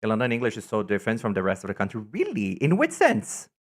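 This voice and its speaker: A man's voice: fairly low pitch, huge pitch swings, quick pace. Chatty man with a Brazilian accent. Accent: Brazilian, São Paulo. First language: Portuguese. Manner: chatty, rambling, profane. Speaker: streamer. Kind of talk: casual chat reading viewer comments.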